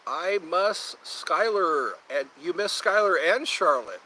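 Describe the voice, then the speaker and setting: A man's voice: high-pitched, lively intonation, slow pace, sharp tone, slight background noise, poor audio. A man hosting a casual livestream outdoors, rambling and drifting into singing and silly voices. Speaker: livestream host. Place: outdoors then walking into house.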